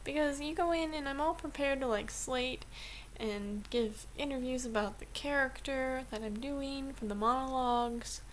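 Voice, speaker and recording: A woman's voice: high voice, normal speed, a little hiss or hum. A young woman vlogging in a casual, rambling way, full of restarts and fillers, recorded on a camera mic at home. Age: young adult. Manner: chatty, rambling with many restarts and "like". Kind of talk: casual vlog chat.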